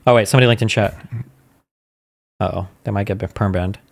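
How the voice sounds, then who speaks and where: A man co-hosting a podcast, talking in a quick, questioning, impatient way. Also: lowish voice, fairly even intonation, creaky. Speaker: podcast co-host. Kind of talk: casual podcast chat.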